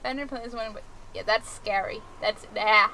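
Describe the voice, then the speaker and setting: A young woman streaming and chatting casually with her viewers, giggly and rambling, swinging between excited and chill. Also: mid-range voice, moderate pace, vocal fry, slight background noise, rough recording. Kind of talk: casual chat with live chat.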